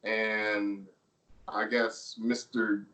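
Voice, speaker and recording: A man being interviewed as a pro wrestler, telling stories in a relaxed way with frequent laughs and fillers. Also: fairly low pitch, extremely slow, recorded from a distance, low-quality recording. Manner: laid-back storytelling, laughs often, filler words. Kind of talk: casual interview chat.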